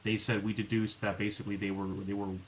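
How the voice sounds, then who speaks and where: A man's voice: on the low side, quick pace, a little hiss or hum, poor audio. A man hosting a podcast, chatting casually and rambling with many restarts. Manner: rambling, many restarts and fillers, animated when exasperated. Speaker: podcast host. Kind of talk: casual chat.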